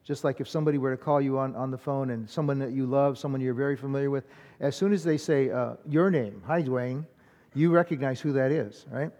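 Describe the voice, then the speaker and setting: Guy preaching easter sunday, mellow voice, lots of uhs, church echo all around. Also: mid-range voice, fairly quick. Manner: conversational preaching with frequent "uh" fillers. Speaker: pastor. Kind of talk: Easter sermon. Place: church sanctuary.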